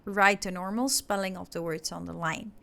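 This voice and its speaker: A woman's voice: mid-range voice, fairly even intonation, moderate pace, creaky, a bit bright. A woman with an Indonesian accent, patiently teaching an English class step by step, with frequent filler sounds as she explains. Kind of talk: classroom instruction.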